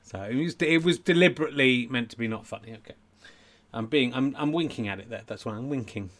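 A man's voice: mid-range voice, fast talker, a bit bright. A middle-aged man hosting a podcast from home, rambling and self-deprecating, a little tipsy and flustered. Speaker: podcast host. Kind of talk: casual chat. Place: home during lockdown.

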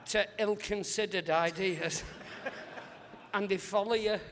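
A male comedian guest on a live podcast interview, telling rambling, animated anecdotes and acting out other people's voices. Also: high-pitched, slow, big-room sound.

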